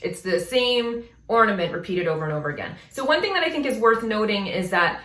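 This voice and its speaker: A woman's voice: mid-range voice, animated, brisk, a bit bright. A woman vocal coach giving casual reaction commentary, explaining singing in a chatty way and often checking in with "right?" and "you know?". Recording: echoey room.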